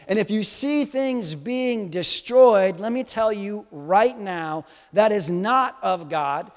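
Preaching to a live congregation in a high voice, a man speaks slowly with few pauses, animated and swinging between soft and loud as he teases and quizzes his listeners. Long hall reverb surrounds the recording.

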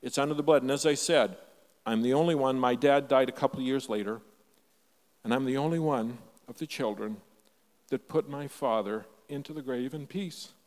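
An older man from Canada preaching a sermon, telling a personal story with emphatic shifts between loud and soft delivery. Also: mid-range voice, normal speed, in a large hall. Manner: storytelling, emphatic, varies loudness widely. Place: church.

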